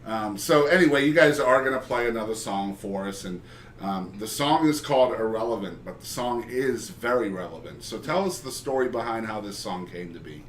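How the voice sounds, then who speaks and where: A man's voice: lowish voice, expressive, moderate pace. A man hosting a casual interview, joking and bantering playfully with his guests. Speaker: podcast host. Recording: roomy, distant mic, faint noise.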